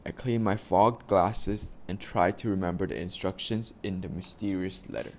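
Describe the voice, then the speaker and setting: A man reading a children's storybook aloud slowly and carefully, with small stumbles, then giving his listeners instructions. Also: deep voice, fairly even intonation, darkish tone, a little hiss or hum. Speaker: reader for a class.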